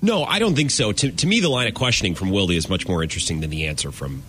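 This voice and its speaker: Low-voiced analytical sports co-host. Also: male voice, animated, a bit bright, a little hiss or hum. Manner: measured, analytical, with some stammered restarts. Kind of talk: casual sports talk.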